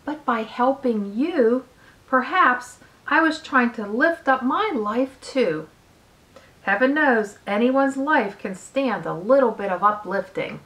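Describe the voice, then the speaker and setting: Lady reading as a calm gentle spider, hushed voice, unhurried. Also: a little high, poor audio. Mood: tender. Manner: soft, quiet and gentle. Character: dying female spider, calm and wise.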